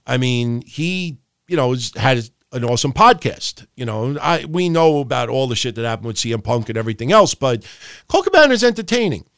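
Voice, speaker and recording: A man's voice: medium pitch, sing-song, brisk, fairly bright tone, clean tone, no echo, studio quality. A man hosting a wrestling podcast, ranting profanely and animatedly, with mocking impressions of other people. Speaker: podcast host.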